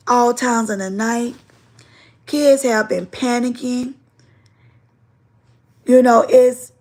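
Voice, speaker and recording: A woman's voice: fairly high pitch, creaky. A woman hosting a casual livestream, telling stories in an emphatic, repetitive way. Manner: animated, emphatic storytelling with repetition. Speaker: livestream host and teacher.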